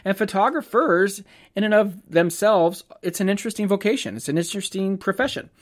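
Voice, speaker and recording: A man's voice: sits high, expressive, a little fast. A man, a photographer, telling a casual anecdote, acting out the dialogue and laughing often as he goes.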